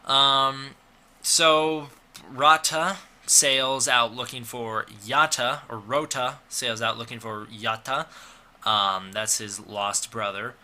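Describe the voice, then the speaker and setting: Bright-voiced man rambling through a review. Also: medium pitch, fairly even intonation, slow pace. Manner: rambling and sarcastic, many fillers and restarts. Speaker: movie reviewer. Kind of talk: casual spoken film review.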